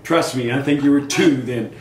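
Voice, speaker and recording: An older man in his sixties, a musician guest in a casual interview, telling animated stories and acting out quoted dialogue. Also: medium pitch, normal speed. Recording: echoey room with faint noise.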